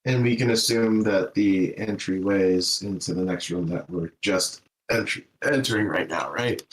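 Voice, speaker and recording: A man playing a tabletop game over a voice call, speaking calmly and plainly. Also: on the low side, moderate pace, poor audio. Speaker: player. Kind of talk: casual game chat.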